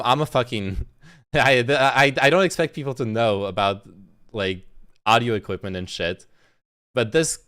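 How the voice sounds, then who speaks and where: On a livestream, a man reacts in a casual, profane way, his fairly low, fairly bright, clean voice recorded on a phone. He rambles, stammers into frequent restarts, and laughs often as a streamer giving reaction commentary.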